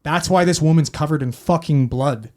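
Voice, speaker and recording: A man's voice: fairly high pitch, moderate pace, very noisy. A man, a paramedic telling a story in casual podcast chat, profane and rambling as he acts out quotes.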